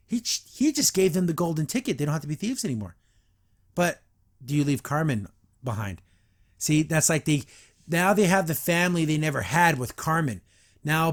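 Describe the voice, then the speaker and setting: A man hosting a podcast, reviewing a cartoon episode in a rambling, animated way, acting out the characters as he retells it. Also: fairly high pitch. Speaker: podcast host.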